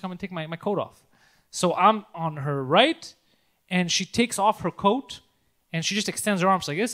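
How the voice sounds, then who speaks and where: A man in casual chat, telling profane, animated stories and yelling when he quotes people. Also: high voice. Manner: swearing, animated storyteller who yells when quoting.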